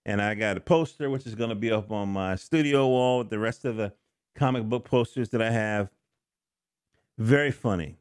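A man's voice: medium pitch, smooth, no room sound, clean studio sound. Man rambling through a comic review. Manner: rambling, self-correcting, joking asides. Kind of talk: casual spoken review. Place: home studio.

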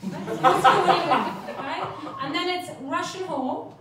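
A woman's voice: high voice, lively intonation, unhurried, very noisy. A woman, doing a brash, profane, self-mocking stand-up comedy set on a club stage. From Poland. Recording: echoey club room, far from mic, audience laughter.

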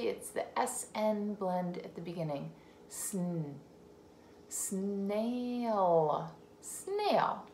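A woman teaching phonics to a young child, unhurried and encouraging, stretching out each word and saying it twice. Her voice sits in a middle register and rings a little in an echoey room, with a faint hum behind her. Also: medium pitch, gravelly. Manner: encouraging, sounds out words slowly and repeats them. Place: home room.

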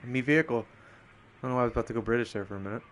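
Profane, excitable young man streaming a game. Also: on the low side, very fast, slight background noise. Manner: profane, excitable, laughs often. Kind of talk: casual live gameplay commentary.

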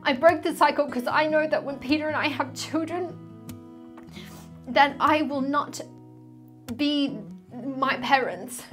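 A woman's voice: high-pitched, measured pace, long pauses, fairly bright tone, soft background music. A woman in her thirties, choked up and close to tears, speaking with a wavering voice. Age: 30s. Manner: emotional, voice wavering. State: tearful, choked up.

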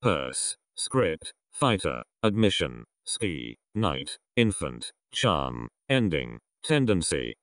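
A man reading a vocabulary list aloud, deliberately, one word at a time with pauses between. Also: very deep voice, big pitch swings, a bit bright, no room sound, studio quality. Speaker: vocabulary reader.

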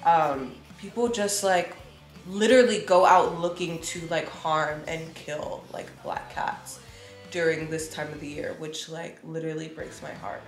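Speaking low and steady at a normal pace, this roughly thirty-year-old vlogger and makeup brand owner rambles casually, cursing in passing and drifting off into asides. Music plays in the echoey room around her.

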